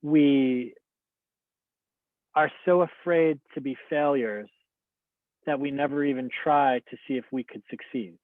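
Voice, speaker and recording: A man who teaches meditation talks in an earnest, openly reflective way, often pausing on casual fillers. His voice sits at an ordinary middle pitch. It comes through a thin, tinny, phone-like line with a dry sound and no room echo. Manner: earnest, open, many "like" fillers. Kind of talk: reflective personal talk.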